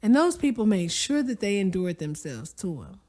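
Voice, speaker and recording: A woman narrating a story aloud, expressive and conversational, with folksy asides to the listener. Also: mid-range voice, normal speed. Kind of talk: audiobook-style story narration.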